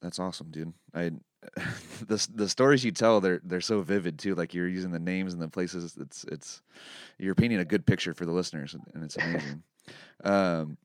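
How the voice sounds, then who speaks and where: A man's voice: low-pitched, brisk, no echo, clean studio sound. A man hosting a casual interview, laughing along and repeating words as he asks questions. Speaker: podcast host.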